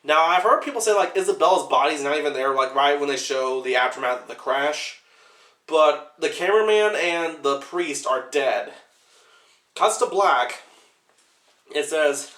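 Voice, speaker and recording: Young male reviewer, unscripted rambling commentary, a bit high-voiced, echoey room. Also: expressive, bright, forceful tone. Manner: rambling, fills every pause with "like". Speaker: movie reviewer.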